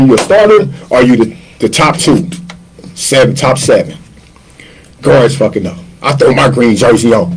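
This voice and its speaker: A man, a chef and former basketball player, telling stories as a podcast guest in a slangy, animated way and acting out the voices of the people he quotes. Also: on the low side, normal speed, rough recording. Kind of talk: casual storytelling interview.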